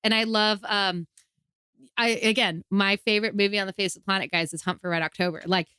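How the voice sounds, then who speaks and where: Female podcast co-host, clear bright tone, eager and opinionated, dry close recording. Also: medium pitch, steady tone, fairly quick, no echo. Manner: enthusiastic, opinionated. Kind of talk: casual chat.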